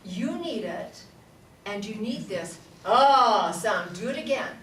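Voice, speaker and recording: Animated yet unhurried, a woman with a medium-pitched voice leads a voice workshop for an audience in a large room, far from the mic. The playful singing teacher laughs often and sings vowel sounds as demonstrations, and the recording carries roomy echo and room noise.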